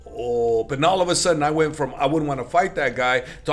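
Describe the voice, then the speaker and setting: A middle-aged MMA coach, appearing as an interview guest, talks fast with few pauses in a mid-range voice. His storytelling is rambling and casual, full of fillers and self-corrections.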